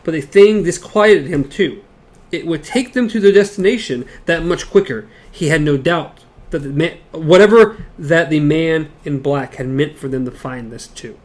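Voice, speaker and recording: A man co-hosting a casual book discussion podcast, reading passages aloud haltingly with stumbles and side comments. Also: a little high, darkish tone. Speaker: podcast co-host.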